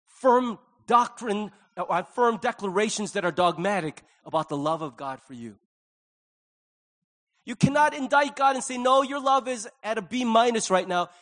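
A male pastor preaching a sermon in an earnest way, dropping to a hush and then rising loud. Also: high voice. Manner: earnest, swings from hushed to loud.

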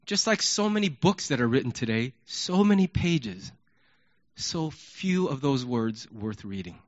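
A man preaching a sermon in an animated way, acting out yelled questions. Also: medium pitch, measured pace. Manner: animated, acts out yelling questions. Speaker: pastor. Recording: dull lo-fi recording.

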